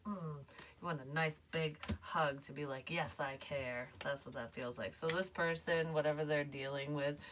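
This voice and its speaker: A woman's voice: deep voice, noisy background. A woman giving a casual tarot reading, chatty and emotional, swearing now and then. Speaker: psychic tarot reader.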